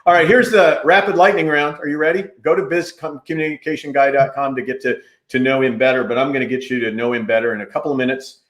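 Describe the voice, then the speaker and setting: A man's voice: medium pitch, fast talker, hardly any pauses. A man hosting an interview, talking loosely and energetically, often jumping in. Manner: energetic, jumps in, loose and chatty. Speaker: podcast host. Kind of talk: casual interview chat. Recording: roomy echo.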